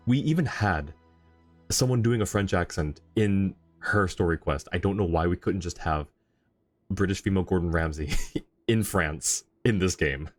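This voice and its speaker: A man streaming a video game, chatting casually, laughing often and going off on rambling asides. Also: low-pitched. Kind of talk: casual live commentary.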